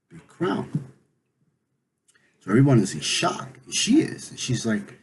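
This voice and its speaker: A man's voice: mid-range voice, expressive, a little slow, pauses often, a little mellow, a little hiss or hum, rough recording. A man casually retelling a legend aloud, in a conversational way with many fillers. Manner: conversational, full of "you know" fillers. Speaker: storyteller. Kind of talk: casual oral storytelling.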